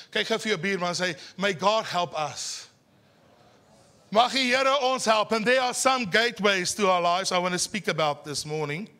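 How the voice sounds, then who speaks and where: Preaching at a church service, a high-pitched South African man with an Afrikaans accent delivers his sermon with animated teasing. He draws his words out slowly to stress key points.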